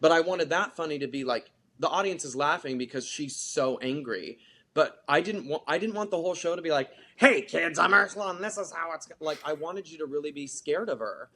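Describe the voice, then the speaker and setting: Theater actor gushing away, like every other word, mid-pitched, lively talk. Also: a little fast, a little hiss or hum. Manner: chatty, animated, lots of filler "like". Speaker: theater actor, podcast guest. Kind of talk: casual interview chat.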